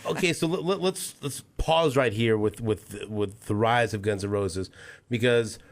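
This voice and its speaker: A man hosting a podcast, asking questions in a halting way and often restarting his sentences. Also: on the low side, gravelly. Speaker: podcast host interviewer. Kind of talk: interview questions.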